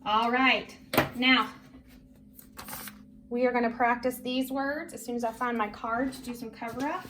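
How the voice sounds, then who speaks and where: A woman's voice: a little high, steady tone, measured pace, long pauses. A woman teaching a phonics lesson to young children, patient and encouraging, drawing out each word for them to repeat. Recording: faint background noise.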